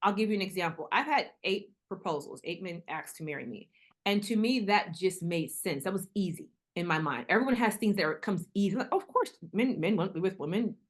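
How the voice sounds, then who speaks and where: A middle-aged woman, a guest in a casual interview, telling her story with animated delivery and acting out the voices of people she quotes. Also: lowish voice, fairly quick.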